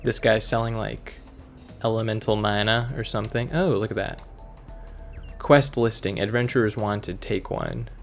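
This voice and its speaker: Gravelly-voiced man joking through a game. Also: on the low side, steady tone, normal speed. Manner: playful, jokey, reads game text aloud. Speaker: let's play host. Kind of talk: casual gameplay commentary. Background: faint game music.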